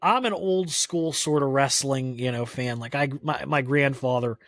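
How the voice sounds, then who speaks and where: A man's voice: mid-range voice, normal speed, no echo, clean studio sound. A man guest on a podcast, telling stories in a casual, rambling way, full of "like" fillers. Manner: rambling, many "like" fillers, animated retelling. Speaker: podcast guest, country music historian. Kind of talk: casual conversational storytelling.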